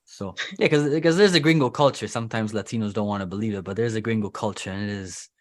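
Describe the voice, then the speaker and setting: A man who teaches English, hosting a relaxed interview with a former student and often answering with short backchannels. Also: lowish voice, fast talker. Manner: relaxed, chatty, many "mm-hmm" backchannels. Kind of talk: casual interview chat.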